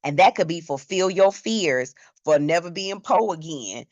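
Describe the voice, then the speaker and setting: A woman's voice: lowish voice, animated, a little slow, no echo, muffled recording. A woman teaching a church Bible class in a conversational way, asking the class questions.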